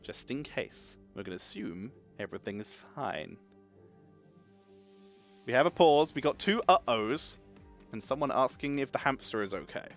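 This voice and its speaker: A man casting a live esports match, energetic and chatty, wired on caffeine and thanking subscribers between calls of the play. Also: mid-range voice, normal speed, long pauses, soft background music. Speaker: esports caster.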